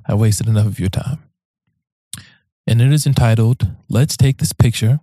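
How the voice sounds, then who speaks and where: A man's voice: medium pitch, moderate pace, warm tone, slightly rough, dry recording. Laid-back slangy New man. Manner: loose and slangy, swears freely, breaks off into joking asides. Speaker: podcast host reading listener emails. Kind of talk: casual podcast talk, reading emails aloud.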